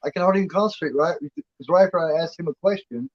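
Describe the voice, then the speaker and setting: A man's voice: high voice, racing, dull audio, a crowd in the background. A man co-hosting a horror movie chat show, rambling and swearing freely in casual talk. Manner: rambling, swears freely, voices the cat in a playful drawl.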